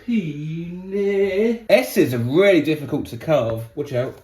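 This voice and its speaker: A man's voice: medium pitch, lively intonation, moderate pace, darkish tone. A man chatting casually and laughing while playing a game. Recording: roomy, distant mic with background noise.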